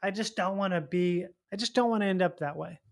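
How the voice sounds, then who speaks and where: A man's voice: sits high, fairly quick, creaky. A man hosting a loose, profane, rambling casual chat. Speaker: podcast host.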